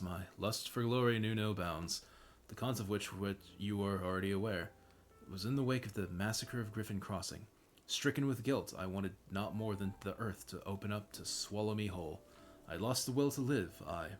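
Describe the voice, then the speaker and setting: A man's voice: on the low side, moderate pace, faint music behind, natural voice. A man reading the lines of a remorseful older male bard in formal, old-fashioned speech. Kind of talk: reading game dialogue aloud.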